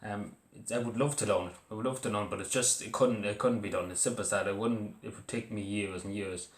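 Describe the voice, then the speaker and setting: A young man with an Irish accent talks to camera in a casual, halting way, stopping and restarting often. His voice sits low, and the recording carries a roomy echo. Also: steady tone. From Ireland. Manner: halting, full of fillers and restarts. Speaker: vlogger. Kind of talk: casual personal talk to camera. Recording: echoey room.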